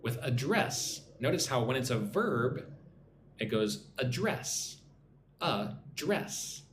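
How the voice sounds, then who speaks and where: A man teaching an English lesson on a live stream, talking slowly and checking in with "right?" after his points. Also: mid-range voice, animated, noisy background. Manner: slow, repeats points with frequent "right?". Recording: echoey room, faint ambience.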